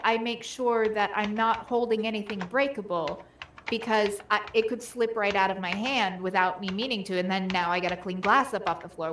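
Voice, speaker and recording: A woman's voice: medium pitch, a bit bright, slight background noise. Chatty woman in an echoey room. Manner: rambling, many fillers. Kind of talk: casual chat.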